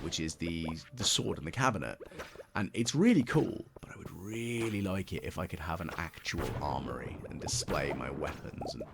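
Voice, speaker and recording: Deep gravelly man rambling. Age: late 30s. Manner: rambling, musing, self-mocking, many ums. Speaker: gaming channel host. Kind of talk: casual let's play commentary.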